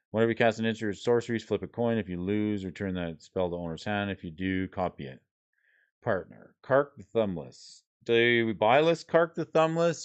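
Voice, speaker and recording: A man's voice: on the low side, highs cut off. A man streaming casually, reading card names and rules aloud and chatting with his viewers. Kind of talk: casual livestream chat while sorting cards.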